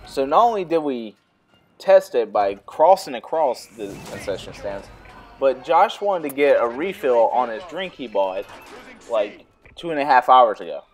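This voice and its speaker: A young man vlogging, telling a funny personal story in a rambling, casual way with lots of fillers. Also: mid-range voice. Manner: rambling, filler-heavy, laughs while telling stories.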